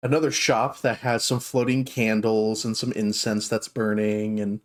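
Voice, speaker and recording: A man narrating a tabletop game as game master, relaxed and full of fillers. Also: lowish voice, normal speed.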